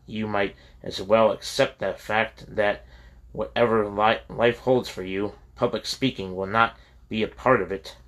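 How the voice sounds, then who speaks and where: A man reading the lines of a firm older college president who lectures a student calmly. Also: lowish voice, measured pace.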